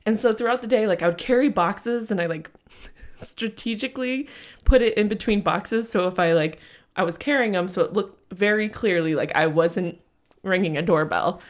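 A young adult woman with a medium-pitched voice co-hosts a casual podcast at a moderate pace. In this casual chat she tells a rambling story and laughs often.

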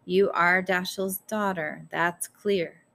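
A woman doing a raspy old male smoker. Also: fairly low pitch, fairly even intonation, slow, sharp tone, slight background noise, full character voice. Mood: earnest. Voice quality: raspy whisper. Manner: growling, coughing. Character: older male former teacher, gruff smoker.

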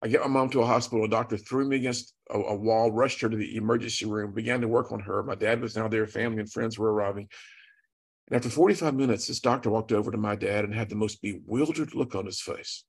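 A man's voice: lowish voice, fairly even intonation, fast, breathy edge. A man telling an earnest, dramatic testimony as a guest, acting out the dialogue. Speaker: guest speaker. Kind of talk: storytelling testimony.

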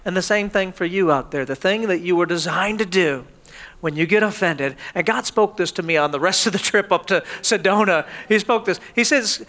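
A man preaching a sermon as pastor, telling animated stories and often laughing. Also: high voice, moderate pace.

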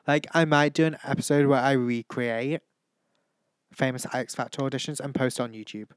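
A man's voice: mid-range voice, steady tone, normal speed, clean tone, no echo. A teenage young man hosting a casual chat, gushing and camp, who keeps breaking into impressions. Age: teens. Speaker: vlog host.

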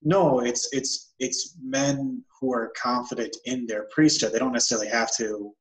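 A man hosting a relaxed chat, halting and reaching for words as he talks. His voice rings in an echoey room. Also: medium pitch. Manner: hesitant, searching for words with many "like" fillers. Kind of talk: casual conversation.

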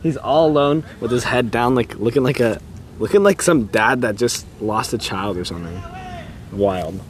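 A man's voice: mid-range voice, normal speed, slight background noise. A teenage boy chatting playfully on a casual podcast, teasing and laughing often. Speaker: podcast co-host. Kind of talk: casual chat.

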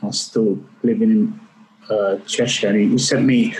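A middle-aged man speaks candidly in a podcast interview. He is earnest and tells his story with restarts and repeated words. His pitch sits mid-range for a man. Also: fairly even intonation, normal speed, darkish tone, a little hiss or hum, low-quality recording. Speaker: podcast guest.

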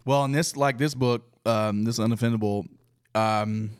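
A man's voice: mid-range voice, steady tone, normal speed, clear, resonant tone, no echo, clean studio sound. A man in casual podcast chat, earnest and a little self-deprecating.

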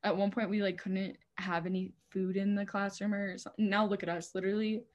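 A woman's voice: medium pitch, fairly quick. Young woman swearing through casual stories. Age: young adult. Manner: animated storytelling, swears a lot. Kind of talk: casual chat.

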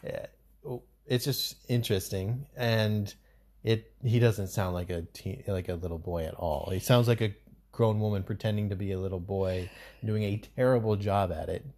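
A man's voice: on the low side, normal speed, darkish tone. A man co-hosting a podcast in casual chat, talking in a loose, rambling way with lots of fillers. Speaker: podcast co-host.

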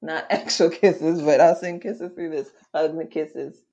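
A woman's voice: low voice, fairly even intonation, measured pace, dark tone. Playful, sarcastic woman co-host. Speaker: podcast co-host. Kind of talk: casual group chat.

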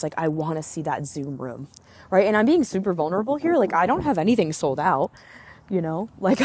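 A woman hosting a solo podcast, talking candidly and excitedly as a business coach, often swearing and filling with "like" and "right?", recorded outdoors. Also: fairly low pitch. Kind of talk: casual solo podcast monologue.

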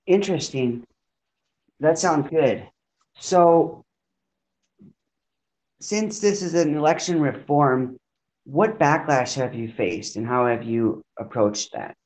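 A man hosting an interview, asking measured, prepared questions. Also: a little high, darkish tone, poor audio. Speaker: interview host.

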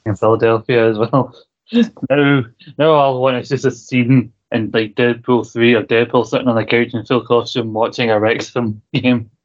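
A man co-hosts a podcast in loose, rambling chat, laughing often and swearing casually. His delivery stays flat and even in pitch. The sound is a touch dull and lo-fi. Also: moderate pace. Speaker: podcast co-host. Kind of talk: casual chat about a TV show.

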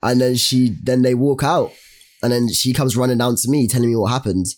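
A man's voice: medium pitch, fairly even intonation, a little fast, darkish tone. A young man, co-hosting a casual podcast chat and telling a story full of slang and restarts. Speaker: podcast co-host.

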